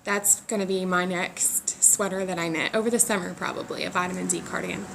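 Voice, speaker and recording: A woman's voice: fairly low pitch, fairly even intonation, fairly quick, creaky, a bit bright, a little hiss or hum. A woman hosting a knitting podcast, chatting casually and rambling a little, self-deprecating as she talks, sitting outdoors. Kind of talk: casual chat.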